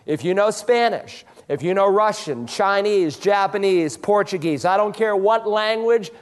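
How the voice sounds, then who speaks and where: A male pastor preaching a sermon, with an emphatic preacherly cadence and sudden slow, stressed phrases. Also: sits high.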